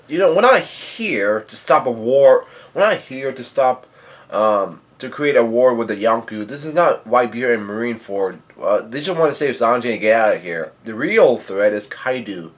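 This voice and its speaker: A man giving a casual recap of a comic chapter, reading hesitantly with frequent stalls and restarts. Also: mid-range voice. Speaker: manga reaction YouTuber.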